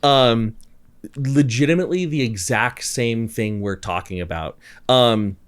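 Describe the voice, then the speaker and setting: A male vocal coach chatting on a podcast, his voice sitting in an ordinary middle register. He tells stories in an animated way, slipping into the voices of the people he quotes. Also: medium pitch, a little slow, clean tone. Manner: animated storyteller, acts out quotes, many restarts. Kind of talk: casual podcast chat.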